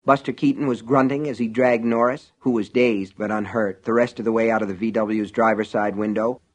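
A man's voice: fairly low pitch, fairly even intonation. Man narrating a thriller audiobook. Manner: measured, vivid storytelling. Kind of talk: scripted narration.

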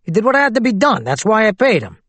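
A man reading an audiobook, voicing a blustering middle-aged businessman who talks in loud, indignant outbursts. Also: high voice, sing-song, fast, dry recording, voice pushed up, exaggerated voice. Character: blustering angry middle-aged male company president.

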